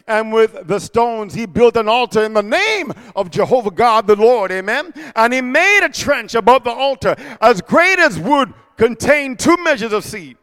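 A man preaching a sermon, reading scripture and breaking into animated, shouted call-and-response. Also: very high voice, moderate pace, few pauses, smooth.

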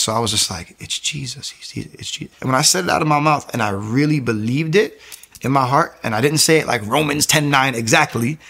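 Man, gravelly voice, casual personal testimony, animated storytelling, mid pitch. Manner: animated storytelling, acting out other people's lines. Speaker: testimony speaker.

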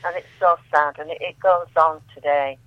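A woman, a guest on a call-in show, reading her poems aloud in a slow, solemn recital with soft, falling line endings. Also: low voice, fairly even intonation. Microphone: telephone. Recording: tinny phone line, dry.

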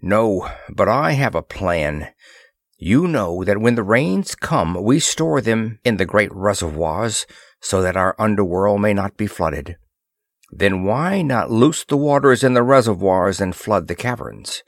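A man voicing a solemn alien chief of an underground people who speaks slowly and formally. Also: fairly low pitch, sing-song, dry recording, clean studio sound, heavily acted. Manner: slow, grave, formal speech.

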